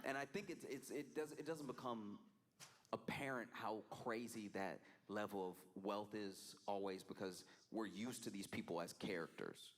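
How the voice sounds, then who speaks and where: A man chatting casually on a live stream, talking in an animated way with frequent laughs and playful voices for the people he quotes. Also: lowish voice, moderate pace.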